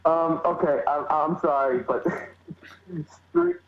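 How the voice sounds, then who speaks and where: A man's voice: fairly high pitch, wildly swooping pitch, slow. A man co-hosting a podcast who chips in with teasing interjections in casual chat. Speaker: podcast co-host. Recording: echoey muffled noisy remote line.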